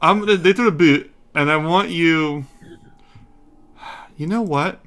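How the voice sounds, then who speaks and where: A man's voice: a little high, unhurried, fairly bright tone. A man running a tabletop game on a livestream, joking and exasperated, with some swearing. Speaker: game master.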